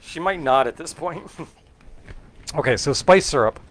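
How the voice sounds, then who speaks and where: A man's voice: fairly high pitch, expressive, unhurried, a bit bright. Rambling man mixing drinks on a stream. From California, Central Valley. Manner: rambling, thinking aloud with fillers and self-corrections. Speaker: host making cocktails. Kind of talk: casual live-stream chat while mixing drinks.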